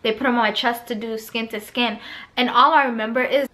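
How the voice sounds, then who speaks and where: A young woman vlogger telling a personal story in a casual, animated way, often turning to speak straight to her viewers. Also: on the high side, brisk. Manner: animated, chatty, keeps addressing viewers.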